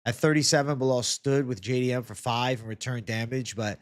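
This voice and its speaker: Young male streamer, average pitch, dry booth-like sound, loose chatty delivery with frequent swearing. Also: fairly quick, no echo. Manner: chatty, reads and answers viewer comments, swears freely. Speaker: MMA YouTube host. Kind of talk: casual live-stream chat.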